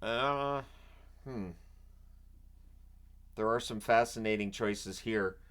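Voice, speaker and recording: A man's voice: fairly low pitch, takes it slowly, fairly bright tone. A man hosting his own channel, talking through picks in a loose, rambling way with joking asides. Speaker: hockey channel host. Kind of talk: casual solo commentary. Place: home, washer running nearby.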